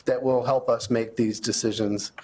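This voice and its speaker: A man moderating a public village meeting, calmly inviting residents up to comment and answering their questions. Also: medium pitch, moderate pace, a little hiss or hum. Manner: calm, plain, inviting speakers up.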